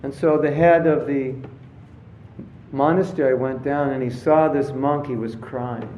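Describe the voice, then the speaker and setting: Man giving a relaxed talk in an echoey hall. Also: mid-range voice, measured pace, slight background noise. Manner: storytelling, acts out voices in his anecdotes. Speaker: spiritual teacher. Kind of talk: casual lecture with jokes. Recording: roomy, slightly dull lecture recording.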